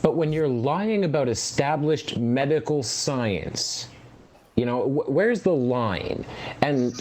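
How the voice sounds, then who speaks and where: A man's voice: mid-range voice, lively intonation, takes it slowly, darkish tone. A man co-hosting a casual live chat, earnest and questioning, with hesitant restarts. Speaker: co-host.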